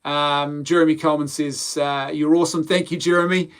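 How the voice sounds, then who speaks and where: A man's voice: a little high, little pitch movement, fairly quick, clean tone. Chatty man hosting a live show. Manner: chatty, laughs often, rambling asides. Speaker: podcast host reading live chat. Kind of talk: casual live-stream chat.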